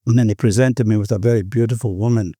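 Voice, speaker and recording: A man's voice: on the low side, fairly even intonation, quick pace, warm tone, dry recording, studio quality. An older Australian man sharing his recovery story at a meeting, earnest and rambling, often saying "you know".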